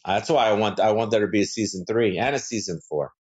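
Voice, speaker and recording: A man with a very low voice chats casually as an interview guest. He rambles, restarts his sentences and leans on fillers as he talks. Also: quick pace, darkish tone, slightly rough. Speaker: soap opera actor guest.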